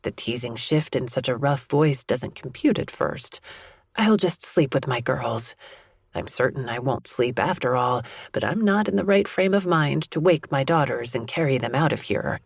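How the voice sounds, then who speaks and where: A woman reading a romance audiobook in a soft, intimate first-person narration. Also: a bass voice, normal speed, gravelly, few pauses, slightly rough, no echo, clean studio sound.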